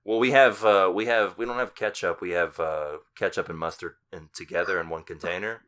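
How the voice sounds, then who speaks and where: A man co-hosting a podcast, talking in a dry, deadpan way. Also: low voice, a little fast. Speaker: podcast co-host. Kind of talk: casual chat.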